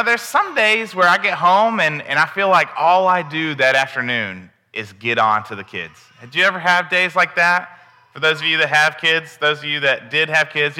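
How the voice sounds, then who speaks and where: Bright-voiced man preaching in a big church. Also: on the high side, in a large hall. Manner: candid, conversational. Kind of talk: sermon. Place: church sanctuary.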